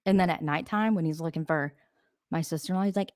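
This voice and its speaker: A woman's voice: deep voice, fast talker, darkish tone, dry recording, clean studio sound. A woman hosting a casual live stream, talking to viewers, answering their comments and laughing often. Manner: laughs often, rambling asides.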